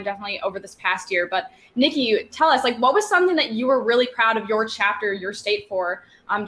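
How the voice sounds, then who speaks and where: A young woman from Wisconsin, a student co-hosting an awards ceremony over a video call, chatty and excited. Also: on the high side. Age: young adult. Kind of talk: casual hosting chat.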